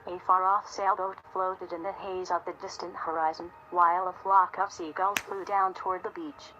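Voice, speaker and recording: A woman reading a story aloud in a steady, measured narration. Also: on the low side, dull audio, a little hiss or hum. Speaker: audiobook narrator. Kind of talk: scripted narration.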